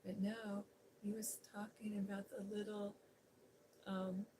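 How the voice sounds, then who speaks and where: A middle-aged woman, an ASMR host, telling a personal story in a soft, chatty way. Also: medium pitch, flat delivery, a little slow, noisy background. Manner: soft-spoken, chatty with fillers. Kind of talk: softly spoken personal storytelling.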